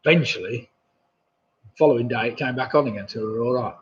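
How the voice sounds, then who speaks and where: A man's voice: medium pitch, fast, a little hiss or hum. A man hosting a live pub quiz, reading questions with chatty, jokey asides. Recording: dull lo-fi stream audio.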